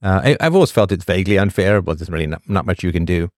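A man with a low, deep voice hosts a casual livestream monologue, drifting from thought to thought with a sardonic edge. He restarts his sentences often, and the sound is close and dry, with no room around it. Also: lively intonation, fast talker, no echo. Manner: rambling, sardonic, with frequent restarts. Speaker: livestream host.

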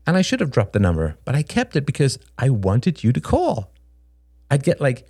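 A man voicing a guarded young man in an audiobook, speaking quietly, earnestly and haltingly. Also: mid-range voice, no echo, clean studio sound. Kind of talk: audiobook character voice.

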